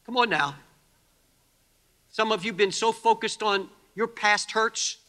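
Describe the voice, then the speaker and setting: A man preaching a sermon to a congregation, fervent, moving from quiet talk to shouting. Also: high-pitched, measured pace. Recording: long hall reverb.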